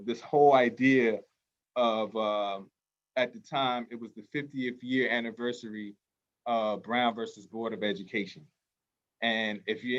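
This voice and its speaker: A festival host, a man with a mid-pitched voice, leads a call-and-response chant and then talks with earnest, passionate conviction, pausing on fillers. The recording is slightly muffled and lo-fi. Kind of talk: libation call-and-response, then heartfelt talk.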